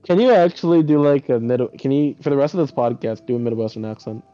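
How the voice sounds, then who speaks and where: A man's voice: mid-range voice, expressive, fast, loud music behind the voice. A young man co-hosting a podcast over a voice call, chatting casually, slangy and swearing freely, his voice a little dull and lo-fi. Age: young adult. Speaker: podcast co-host. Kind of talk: casual chat. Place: home, on a voice call. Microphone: computer mic over a voice call.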